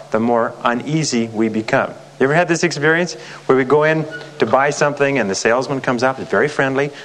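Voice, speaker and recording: A man's voice: medium pitch, fairly bright tone, slight background noise. A man leading a motivational sales seminar as a sales trainer, emphatic and repetitive, often asking the audience rhetorical questions.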